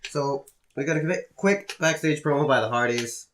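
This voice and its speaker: A man's voice: fairly high pitch, moderate pace, fairly bright tone, slight background noise. A man co-hosting a podcast, recapping shows in casual chat with dry running commentary and a lot of swearing. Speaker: podcast co-host.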